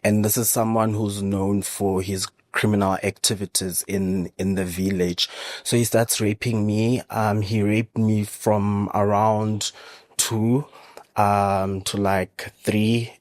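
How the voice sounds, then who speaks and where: A man speaks in a deep, even monotone, telling his story slowly and haltingly with many pauses. The sound is dry and close, with no room around it. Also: dry recording. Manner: halting, measured storytelling with frequent pauses and fillers. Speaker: podcast guest. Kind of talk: personal testimony in an interview.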